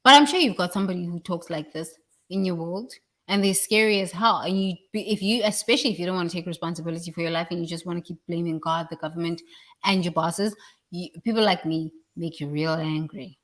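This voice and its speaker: A woman's voice: fairly low pitch, a little fast. A woman giving a blunt, preachy motivational talk about work and responsibility, swearing freely. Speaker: leadership speaker.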